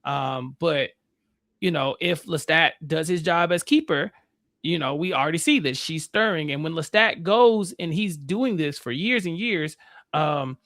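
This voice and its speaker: A man's voice: on the high side, a little slow, a bit bright, no echo, studio quality. A man co-hosting a podcast, chatting casually and thoughtfully about a TV episode, with many fillers. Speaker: podcast co-host. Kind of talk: casual recap chat.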